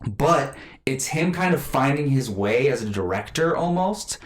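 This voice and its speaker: A man's voice: mid-range voice, a little slow. Rambling man in an echoey room. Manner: rambling, filler-heavy, animated. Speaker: podcast co-host reviewing a film. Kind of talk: casual film review chat.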